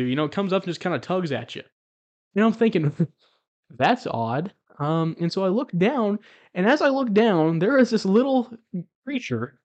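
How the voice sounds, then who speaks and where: A man telling the story of a dream as a spiritual testimony to viewers, chuckling as he speaks and closing with preachy exhortation. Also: high-pitched. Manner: animated, chuckles as he tells it. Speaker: Christian video blogger.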